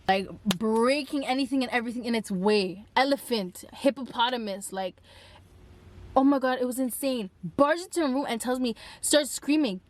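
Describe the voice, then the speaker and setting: A young woman vlogger telling a dramatic story time, animated and emphatic, with lots of filler "like". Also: on the high side, normal speed, no echo. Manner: animated, dramatic retelling with frequent "like". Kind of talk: storytime vlog.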